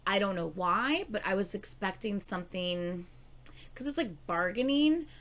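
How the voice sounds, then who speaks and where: A woman giving casual reaction commentary late at night, tired and yawning, bursting into excited exclamations and swearing. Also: mid-range voice, unhurried. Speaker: music reaction YouTuber.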